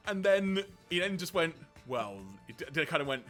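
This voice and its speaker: A man co-hosting a game stream, telling stories in a relaxed, chatty way and laughing often. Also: high voice, moderate pace, soft background music. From England. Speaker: streamer co-host. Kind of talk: casual chat while gaming.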